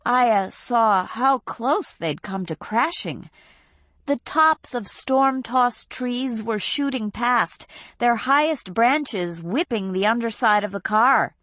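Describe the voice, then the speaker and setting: A woman narrating an audiobook in a steady, measured reading on a close studio mic. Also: fairly high pitch, dry recording. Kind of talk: scripted narration.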